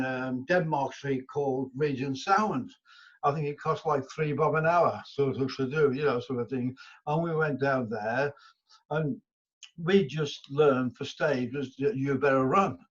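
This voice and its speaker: An older man from England, telling stories in an interview, rambling with many restarts and fillers. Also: medium pitch. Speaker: guest musician. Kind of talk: casual interview storytelling. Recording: dull lo-fi audio.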